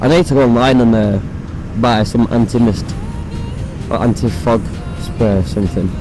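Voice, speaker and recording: A young man with a hoarse, croaky voice, chatting casually and swearing while riding a motorbike, recorded on a phone inside his helmet. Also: mid-range voice, normal speed, over music, low-quality recording. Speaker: motovlogger. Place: on a motorbike on city roads.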